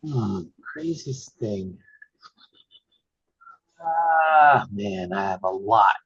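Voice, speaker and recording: Slow, excitable man on a muffled line. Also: husky. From Texas. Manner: excitable storyteller who acts out quotes in a high voice. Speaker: wrestling referee, podcast guest. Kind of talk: casual interview storytelling. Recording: slightly muffled lo-fi audio.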